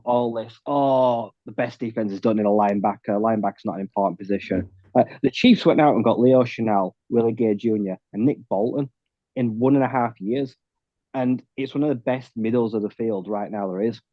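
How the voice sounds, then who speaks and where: A man's voice: lowish voice, dry recording, lo-fi sound. A man giving blunt, opinionated takes on a podcast panel, swearing freely. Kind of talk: casual chat.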